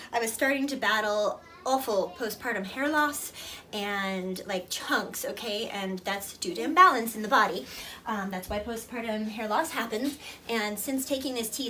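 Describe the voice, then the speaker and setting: Speaking in a medium, slightly bright voice, this mom of toddler twins reviews a product on camera with earnest emotion. She rambles and uses fillers, recorded by a faraway mic with obvious background noise.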